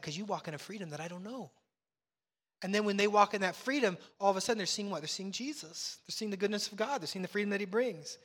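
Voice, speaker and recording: Middle-aged pastor guy preaching, bright high voice, echoing church hall. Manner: animated, acts out dialogue. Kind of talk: sermon.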